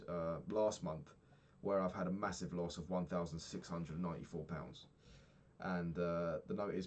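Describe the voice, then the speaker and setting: Young man, low voice, casual sweary vlog ranting. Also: darkish tone, a little hiss or hum. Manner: rambling, swears a lot, ranting. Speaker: vlogger.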